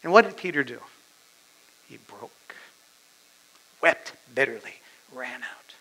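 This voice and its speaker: A male preacher giving a dramatic sermon, swinging from loud declarations down to whispers. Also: medium pitch, animated, takes it slowly, slightly rough, poor audio.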